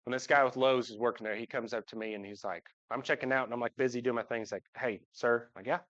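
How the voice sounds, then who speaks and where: A man in his thirties with a drawl stands at the pulpit in a church sanctuary, mixing jokes with heartfelt family praise for the congregation. His mid-pitched voice is steady, quick and fairly bright, leaping up as he acts out other people, in a slightly dull live recording.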